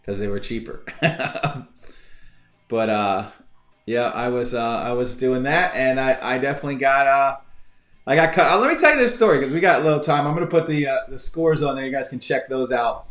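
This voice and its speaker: A man's voice: mid-range voice, a bit bright. A man hosting a live-streamed trivia game show who tells stories in a rambling, chatty way with many fillers and restarts. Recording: echoey room with faint music.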